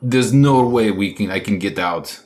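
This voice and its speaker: A man voicing Ivan, a gruff, bitter older male prisoner who speaks in clipped, broken English with a put-on Russian-style accent. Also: fairly low pitch, moderate pace, darkish tone, close to an everyday voice.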